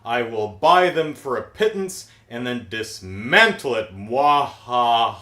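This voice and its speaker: A gloating tycoon villain booms out his schemes and cackles, as a man hams him up. He is loud and slow, with a roomy echo. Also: animated. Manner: cackling, boastful. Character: gloating male radio mogul villain.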